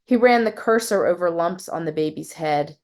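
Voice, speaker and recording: After a relaxed, somewhat halting self-introduction, a West Virginia woman reads one of her short fiction pieces aloud steadily. Her voice is on the low side.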